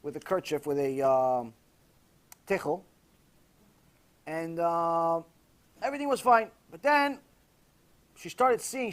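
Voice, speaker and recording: A man, a rabbi, telling a story in a sermon, acting out the people he quotes with big swings from loud cries to hushed tones. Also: high-pitched. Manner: animated, acting out quoted voices with big swings from shouting to near-whisper.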